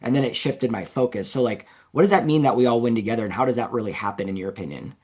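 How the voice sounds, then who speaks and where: A man's voice: mid-range voice, fast talker, a little mellow. A man hosting an interview show in a casual chatty way, leaning heavily on "like" as he talks. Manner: casual, fills speech with "like". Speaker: show host.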